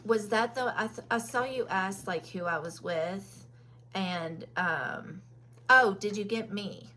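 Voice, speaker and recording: Bright, slow-talking Kentucky woman chatting live. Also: medium pitch. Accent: Kentucky Southern. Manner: chatty, greets viewers by name, many fillers. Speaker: makeup seller hosting a live stream. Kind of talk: casual live-stream chat.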